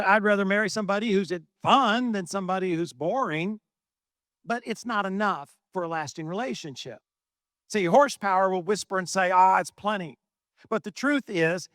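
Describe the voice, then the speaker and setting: A middle-aged pastor preaching a sermon in a conversational way, often asking the congregation questions. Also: male voice, high-pitched, a bit bright, dry recording, clean studio sound.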